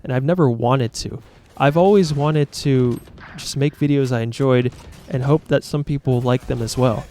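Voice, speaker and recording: A man's voice: mid-range voice, moderate pace, warm tone, slight background noise. A man talking to his viewers as a YouTuber in a casual, reflective monologue, earnest, rambling and self-critical.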